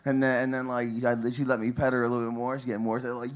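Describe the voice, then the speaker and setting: A young man tells crude stories in a stand-up set, rambling through asides and laughing at his own punchlines. His voice sits at an ordinary middle pitch. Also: expressive, quick pace, gravelly, hardly any pauses, a bit bright. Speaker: stand-up comic at an open mic.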